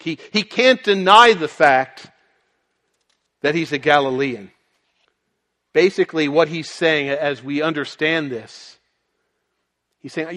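A man preaching a sermon, moving between quiet, low passages and loud, emphatic ones. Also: takes it slowly, pauses often. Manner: dynamic, swings from soft and low to loud and emphatic.

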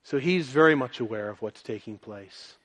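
A man preaching a sermon, moving between quiet, low passages and loud, emphatic ones. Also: moderate pace. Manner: dynamic, swings from soft and low to loud and emphatic.

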